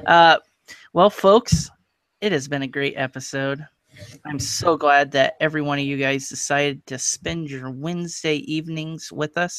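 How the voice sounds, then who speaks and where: Guy hosting a gaming podcast, upbeat, kinda high voice, dry close mic. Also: a bit bright, smooth, no room sound. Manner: upbeat, laughs often, signs off with thanks. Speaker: podcast host. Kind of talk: casual podcast chat.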